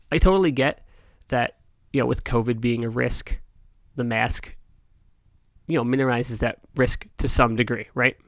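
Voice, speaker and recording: A man's voice: mid-range voice, a bit bright, dry recording, studio quality. Exasperated man ranting to camera. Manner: heated, exasperated ranting with restarts. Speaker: vlogger. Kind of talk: casual rant to camera.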